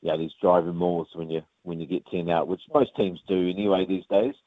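A man's voice: deep voice, fairly quick, dry recording. A man with a New Zealand accent, a rugby player chatting casually in an interview, rambling with plenty of ums. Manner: relaxed, rambling, lots of ums and uhs. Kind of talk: casual interview over the phone. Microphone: phone. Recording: tinny dry phone line.

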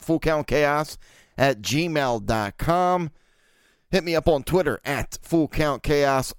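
A man's voice: a little high, clear, resonant tone, no room sound, clean studio sound. A man in his thirties from Baltimore hosting a solo podcast, rambling and joking crudely with lots of fillers. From Baltimore, USA. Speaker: podcast host. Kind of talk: casual solo podcast chat.

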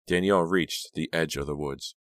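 A man narrating a horror audiobook in a steady, dramatic reading. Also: rumbling low, moderate pace, no echo.

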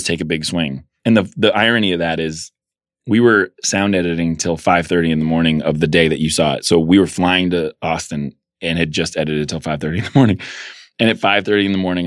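A man interviewed as a filmmaker, telling anecdotes with animated energy and acting out the voices of the people in them. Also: sits low, fairly quick, no room sound, studio quality. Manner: animated storyteller, acts out quoted voices. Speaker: guest filmmaker. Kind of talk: casual interview storytelling.

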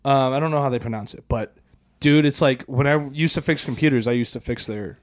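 A young man co-hosting a podcast, telling stories in a loose, profane, animated way. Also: mid-range voice, brisk. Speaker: podcast co-host. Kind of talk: casual chat.

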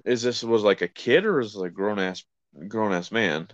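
Podcast co-host, a man with a low, smooth voice, laid-back and blunt, recorded dry and close. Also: moderate pace, dry recording. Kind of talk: casual podcast chat. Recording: slightly dull, lo-fi sound.

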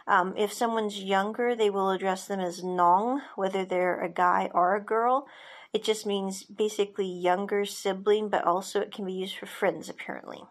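A woman's voice: mid-range voice, fairly even intonation, normal speed. A woman podcast host giving a chatty, digressive recap of a TV drama, with side notes along the way.

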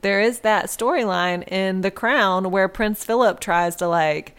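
A woman's voice: medium pitch, unhurried, smooth. A young adult woman co-hosting a podcast in casual chat, joking and sarcastic. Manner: joking and sarcastic, trailing off into quiet asides. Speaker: podcast co-host.

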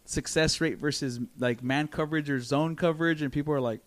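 A man chatting casually on a podcast as a guest, an excitable storyteller who swears freely and acts out other people's lines. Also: fairly high pitch, fairly quick. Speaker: guest, former podcast host.

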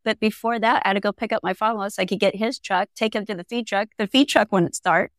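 Gravelly-voiced woman guest from California. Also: medium pitch, steady tone, quick pace, no room sound, studio quality. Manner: laughs often while telling stories. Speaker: guest, auctioneer. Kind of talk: casual interview chat.

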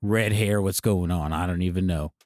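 A man playing a sheepish, hard-drinking male country singer who mumbles and hesitates in a soft, low drawl during an improvised comedy scene. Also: moderate pace, dry recording, studio quality, natural voice. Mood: boastful.

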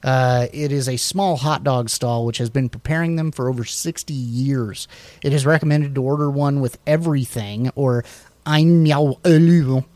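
A man's voice: medium pitch, normal speed, no room sound. A man in a laid-back conversation, reading notes aloud and drifting into asides, full of fillers and self-corrections. His voice sits in an ordinary middle range. The sound is dry and close with no room around it. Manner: relaxed, rambling, many fillers and restarts. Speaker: podcast co-host. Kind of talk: casual chat reading from slides.

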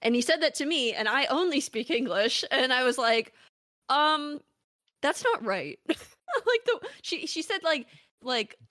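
A woman's voice: high-pitched, lively intonation, normal speed, fairly bright tone, no room sound, studio quality. A young woman hosting a podcast, chatty and laughing often, with lots of fillers. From United States. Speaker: podcast host. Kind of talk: casual interview chat.

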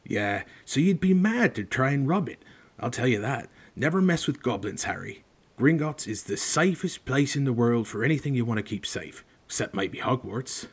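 Hagrid, a gruff folksy giant read by a man. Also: mid-range voice, animated, normal speed. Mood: warning. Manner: folksy, dropped words. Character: huge gruff friendly male giant.

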